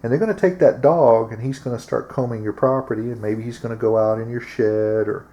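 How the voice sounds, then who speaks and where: A man's voice: mid-range voice, a little fast, mellow, dull audio. A man hosting his own show, talking casually in a plain-spoken, drawling way with frequent fillers. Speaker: host. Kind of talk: casual monologue to camera.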